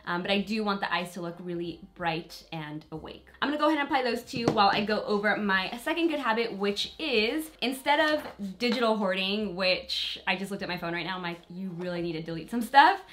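A woman's voice: mid-range voice, fairly bright tone. Woman beauty vlogger, chatty and candid, mid-range voice, talking to camera during a makeup routine. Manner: chatty and candid, with small laughs and fillers; talks to viewers directly while applying makeup. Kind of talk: casual get-ready-with-me chat.

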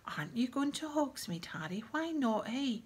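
A woman doing a high, eager starstruck schoolboy. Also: fairly quick, slightly rough. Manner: eager, excitable.

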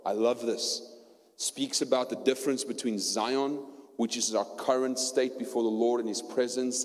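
A man with a South African accent preaching a sermon and telling his story, going from hushed tones to loud preaching. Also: medium pitch. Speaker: pastor. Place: church hall. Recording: long hall reverb.

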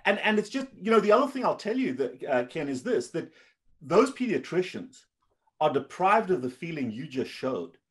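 A man hosting a conversation as a physician, speaking enthusiastically in quick bursts with repeated restarts. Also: a little high, big pitch swings. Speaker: physician host. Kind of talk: conversational interview.

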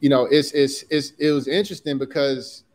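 A man's voice: medium pitch, fairly even intonation, moderate pace, darkish tone. A man in his forties from Chicago, telling personal stories in an interview with earnest feeling and casual slang. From Chicago, USA. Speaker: guest, designer and entrepreneur. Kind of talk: candid interview talk.

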